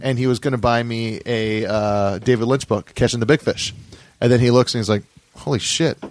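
A man's voice: mid-range voice, steady tone, brisk. A man co-hosting a podcast, telling a rambling anecdote in casual chat. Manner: rambling anecdotes full of fillers and restarts.

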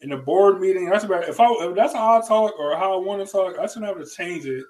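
A man's voice: high-pitched, lively intonation, fast, a little mellow, poor audio. A man hosting a casual chat who talks emphatically, laughs often and repeats his words. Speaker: podcast host.

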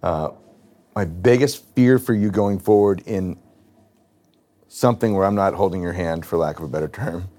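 Man, 30s, low voice, cofounder, candid and hesitant, retells what was said. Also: moderate pace, mellow. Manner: reflective, hesitant, retells conversations. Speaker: business cofounder. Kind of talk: candid conversation in a therapy session.

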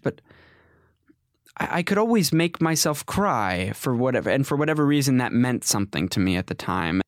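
A man in his twenties, an actor, telling stories from his career in a casual interview, rambling and animated, with many restarts and self-corrections. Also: medium pitch, no room sound, clean studio sound. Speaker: actor, guest.

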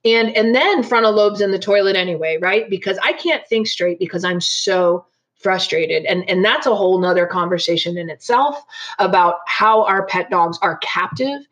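A woman's voice: mid-range voice, moderate pace, fairly bright tone. A woman dog trainer in casual conversation, talking emphatically and frankly. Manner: emphatic, frank, acts out dogs' and clients' voices. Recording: slightly dull lo-fi audio.

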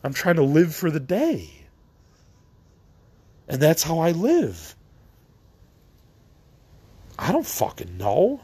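A man's voice: a little high, wildly swooping pitch, takes it slowly, pauses often, mellow, slightly rough. A middle-aged man hosting a solo podcast, venting in a tired, rambling way, trailing off and restarting, swearing casually. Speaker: podcast host.

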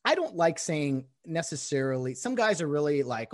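A man's voice: fairly high pitch, very animated, moderate pace, no room sound, studio quality. A man hosting a casual conversation, an ex-umpire telling stories and laughing often. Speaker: former umpire, podcast host.

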